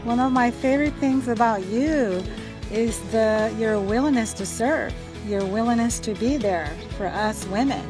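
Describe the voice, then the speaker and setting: A woman's voice: a little high, unhurried. Earnest woman quoting scripture over music. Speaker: church friend giving a birthday tribute. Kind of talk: heartfelt recorded message. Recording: music playing behind.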